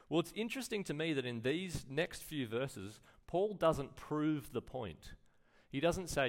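Lively conversational man preaching. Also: medium pitch. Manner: conversational preaching, rhetorical questions, acted-out quotes. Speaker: pastor. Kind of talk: sermon.

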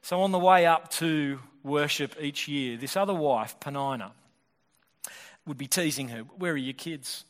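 A man's voice: on the high side, measured pace. A man preaching a sermon in a conversational way, acting out the voices of the people in the story.

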